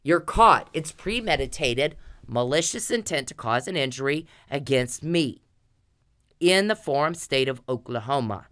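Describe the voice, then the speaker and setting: A woman's voice: deep voice, sing-song, a little slow, a bit bright. A woman ranting straight to her audience, confrontational and profane, scolding someone she addresses directly. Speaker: vlogger. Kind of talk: angry direct-to-camera rant.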